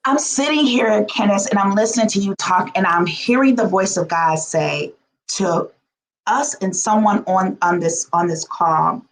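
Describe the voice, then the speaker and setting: A woman's voice: mid-range voice, measured pace, low-quality recording. A woman host giving emphatic, preaching-style encouragement to her listeners. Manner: emphatic, responsive affirmations.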